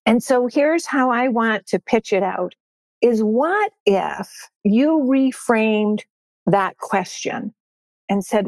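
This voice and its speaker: A woman's voice: on the high side, expressive, takes it slowly, darkish tone, no room sound. An older woman, a success coach, speaking as a podcast guest in an upbeat, emphatic way and repeating her key phrases. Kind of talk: podcast interview.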